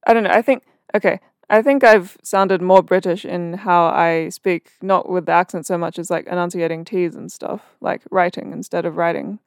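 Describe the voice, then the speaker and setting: A woman's voice: fairly low pitch, fairly even intonation, normal speed, hardly any pauses, smooth, no echo, studio quality. A woman co-hosting a casual podcast, wry and teasing, with a self-deprecating humour. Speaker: podcast co-host. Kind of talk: casual chat.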